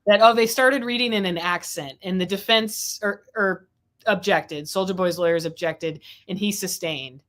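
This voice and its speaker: A woman's voice: medium pitch, normal speed, a bit bright. A woman hosting a casual talk about a court trial, chatty and rambling with frequent restarts, speaking over a video call. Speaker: legal affairs host.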